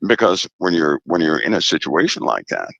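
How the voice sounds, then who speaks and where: A man speaking as a guest commentator in a casual interview, deliberate and emphatic, repeating key phrases. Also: extremely low pitch, sing-song, vocal fry, sharp tone, no room sound, poor audio.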